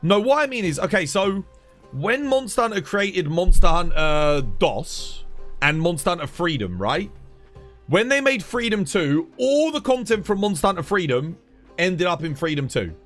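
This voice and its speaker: A man talks on a live game stream in a slightly higher voice, with faint music under him. He rambles and circles back over his words, sounding fed up. It is casual streamer talk at a desk mic. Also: sing-song, moderate pace, a bit bright. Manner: exasperated, rambling, repeats himself.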